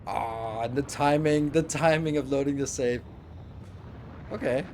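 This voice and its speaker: A man's voice: on the high side, steady tone, normal speed, a little mellow, a little hiss or hum. A man streaming a factory-building game, giving rambling, chatty commentary with the odd swear and laugh. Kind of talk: casual gameplay commentary.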